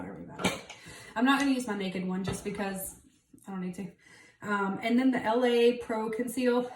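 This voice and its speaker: A woman's voice: mid-range voice, background noise. A woman chatting bluntly and swearing freely while doing her makeup. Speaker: beauty vlogger. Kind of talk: casual makeup tutorial chat. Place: home room with rain outside. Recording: roomy, distant camera audio.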